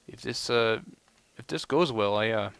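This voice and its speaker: Gravelly low-voiced man rambling over gameplay. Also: moderate pace, fairly bright tone. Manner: rambling, lots of "you know" fillers. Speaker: gameplay commentator. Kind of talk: casual let's play commentary.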